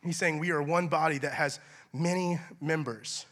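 Bright-voiced, conversational male preacher. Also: on the high side, normal speed. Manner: earnest, conversational preaching with casual fillers; drops soft and quiet for prayerful lines. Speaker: pastor. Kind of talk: sermon.

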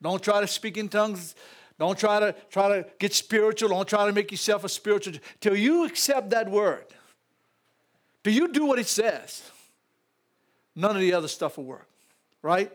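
A male pastor with a Louisiana Southern accent, preaching a sermon in a church with animated call-outs and laughing asides to the congregation. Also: high-pitched, moderate pace, pauses often.

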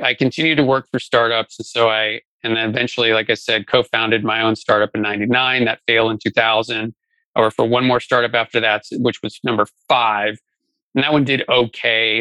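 A man's voice: fairly low pitch, little pitch movement, a little fast, pushed and bright, dry recording, low-quality recording. A middle-aged man talking casually as an interview guest, telling his career story with lots of fillers and restarts. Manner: conversational, many fillers and restarts. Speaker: guest, venture investor.

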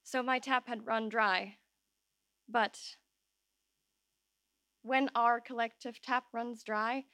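A woman telling a true personal story live on an open-air stage, emotional and halting, voice shaking at times. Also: on the high side, steady tone, bright, forceful tone, dry recording, studio quality.

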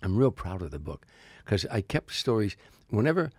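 A man's voice: fairly low pitch, big pitch swings, normal speed, darkish tone, breathy edge, no room sound. An older man, a stand-up comedian guest, telling rambling anecdotes in a casual interview, with frequent stammered restarts.

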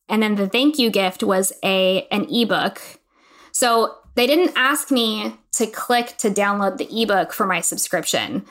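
A woman's voice: medium pitch, normal speed, a bit bright. Female podcast co-host, casual chat, eager and gushing, reads text aloud.

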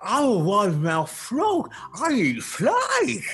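Joke-telling bit: a nosy little frog, very high, shrieky, husky edge. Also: male voice, wildly swooping pitch, slow, a bit bright, exaggerated voice. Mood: excited. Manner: gasping, squealing high exclamations. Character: excitable little male frog, loud and nosy. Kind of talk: told joke.

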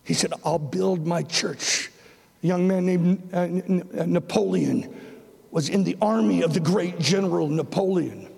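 A man preaching a sermon with passion, his voice surging up to shouts. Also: sits high, a little slow, creaky, slightly rough. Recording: long reverb of a large hall.

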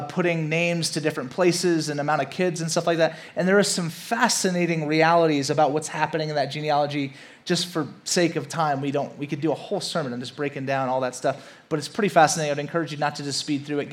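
A young man from Louisiana preaches with lively, storytelling energy, his voice sitting a little high for a man. He acts out little scenes and climbs into emphatic, repeated lines as he drives home a point. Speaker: pastor. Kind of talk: sermon.

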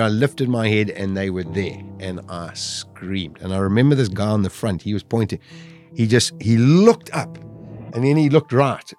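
Lowish male storyteller, faint music. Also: moderate pace, darkish tone. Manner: vivid storytelling that acts out its own remembered speech. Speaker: interview guest.

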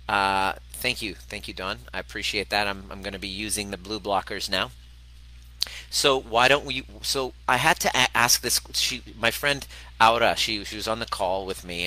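A podcast host and relationship coach delivers a casual, candid, slightly profane monologue with frequent restarts. His voice sits low with a sharp tone, and the recording is rough.

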